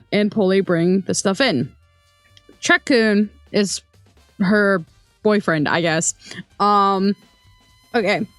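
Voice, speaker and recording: A woman's voice: mid-range voice, no room sound. A young woman casually telling a work story, chatty, with many ums and little laughs. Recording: dry close sound, faint music behind.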